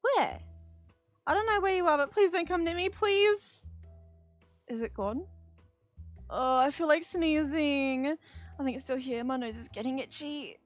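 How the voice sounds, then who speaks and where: A woman reading the lines of a vain, jumpy young male actor from a game, excitable and jumping high when startled. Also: unhurried, faint music behind. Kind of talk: dramatic game dialogue read aloud.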